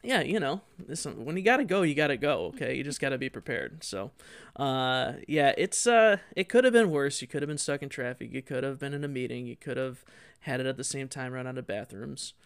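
A man's voice: medium pitch, animated, fairly quick, gravelly, clear, resonant tone. A man hosting a podcast in casual chat, rambling with lots of fillers and frequent laughter. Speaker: podcast host.

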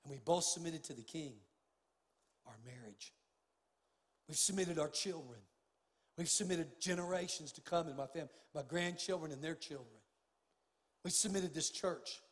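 Impassioned older pastor in a reverberant church. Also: male voice, a little high, normal speed, long pauses. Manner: impassioned, swings from hushed to loud. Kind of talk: sermon. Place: church sanctuary.

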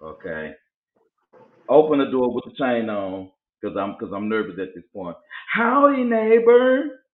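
A man hosting a casual chat show tells animated stories and mimics other people's voices. His lowish voice has lively intonation at normal speed, and the audio is tinny and phone-like in an echoey room.

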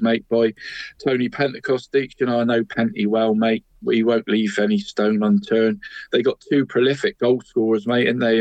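A man talks through local football results in an easy, chatty podcast manner. His voice sits in a middle pitch, and he peppers his lines with "mate" and little chuckles. The sound is dry and close, with no room behind it. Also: darkish tone, dry recording, highs cut off. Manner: chatty, tags nearly every line with 'mate', chuckles at his own jokes. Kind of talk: casual sports chat.

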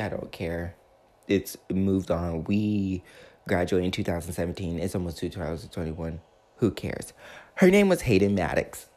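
A man's voice: low voice, darkish tone. A young man vlogging, telling a personal story in a chatty, dramatic way, full of filler words. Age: young adult. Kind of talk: casual storytelling to camera.

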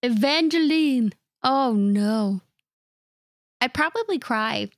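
A woman's voice: a little high, animated, slow, dry recording, clean studio sound. A woman co-hosting a podcast, talking in a laid-back, self-deprecating way with frequent giggles. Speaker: podcast co-host. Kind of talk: casual chat on a live stream.

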